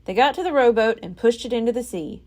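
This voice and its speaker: A woman reading a children's chapter book aloud as a library storyteller, expressive and unhurried. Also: on the high side.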